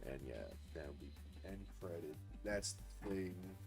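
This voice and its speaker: A man's voice: low-pitched, expressive, slow, creaky, over music. A young man casually retelling a story on his live art stream, rambling with lots of fillers and swearing. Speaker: livestreaming artist.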